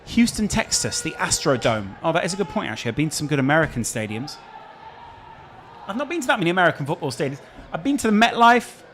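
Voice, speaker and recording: A man's voice: a little high, very animated, quick pace, fairly bright tone, faint music behind. A man with a Scouse accent hosting a casual live stream, chatting and answering viewer questions. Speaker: streamer host.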